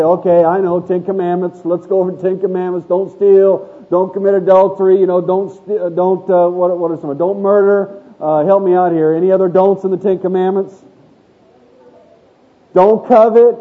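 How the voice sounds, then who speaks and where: Man, preacher, high voice, conversational sermon, asks the room questions, tinny narrow sound. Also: slightly rough. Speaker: pastor. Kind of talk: sermon with audience interaction. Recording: thin phone-like audio.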